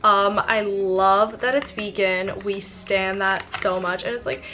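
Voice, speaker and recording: A woman's voice: mid-range voice, fairly even intonation, takes it slowly, bright, forceful tone, a little hiss or hum. A young woman vlogging casually, gushing over products with lots of "like" and "oh my god". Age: young adult. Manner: gushing, girly, full of "like" and "oh my god". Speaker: YouTuber. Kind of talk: casual product review vlog.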